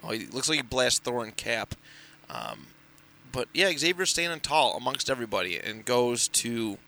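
Man, podcast co-host, bright tone, middle pitch, casual rambling recap. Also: very animated, moderate pace, vocal fry. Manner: rambling, filler-heavy recap with frequent restarts. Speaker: podcast co-host reviewing comics. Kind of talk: casual chat.

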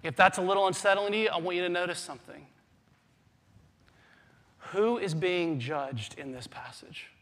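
High-voiced preacher in a reverberant hall. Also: male voice, normal speed, long pauses. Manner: dynamic preacher, swings from hushed to loud. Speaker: pastor. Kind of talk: sermon. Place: church sanctuary.

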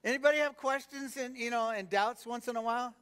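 A man's voice: very high voice, fairly even intonation, fast talker, a bit bright, clean tone. A man preaching a sermon in a conversational way, firing rhetorical questions at the congregation and filling gaps with "you know". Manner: peppered with "you know" fillers. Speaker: pastor.

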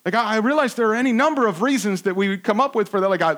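Pastor guy with a pretty high voice, casual earnest sermon, lots of restarts. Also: animated, racing. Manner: conversational and earnest, with many restarts and swings between loud and hushed.

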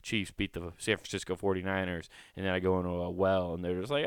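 A man hosts a casual solo podcast, rambling and cursing, often cutting off and restarting his sentences. His voice is on the low side with a smooth, clear tone. The sound is dry and close, from a small recording room. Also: level tone, fast talker, hardly any pauses, dry recording. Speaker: podcast host.

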